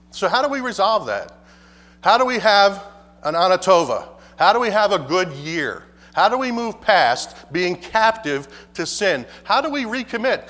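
High-voiced preacher in a reverberant hall. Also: male voice, fairly bright tone. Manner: emphatic preaching with rhetorical questions. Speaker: pastor. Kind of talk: sermon.

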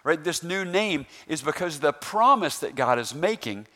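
A man preaching a sermon, animated, rising loud on emphasis and asking the congregation questions. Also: a little high, normal speed. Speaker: pastor.

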